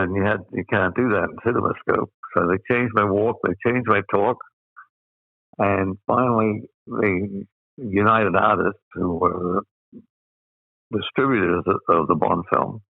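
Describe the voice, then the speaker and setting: An older man in his eighties from Australia tells rambling stories and chuckles as he goes. His low voice is gravelly with fry. It comes through a tinny, phone-like line with a dry sound. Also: dry recording. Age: 80s. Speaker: guest. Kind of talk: anecdotal storytelling.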